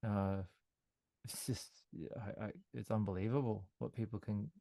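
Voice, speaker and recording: A man, a sound healer, talking in a relaxed, rambling way with frequent restarts during an interview. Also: lowish voice, moderate pace, vocal fry, a crowd in the background. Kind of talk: casual interview talk.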